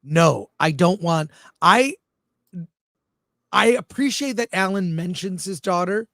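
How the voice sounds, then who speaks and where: A man's voice: high voice, animated, slow pace, vocal fry, pushed and bright, no room sound. A man co-hosting a casual livestream film review show, blunt and jokey, reading viewer comments aloud. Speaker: film critic co-host.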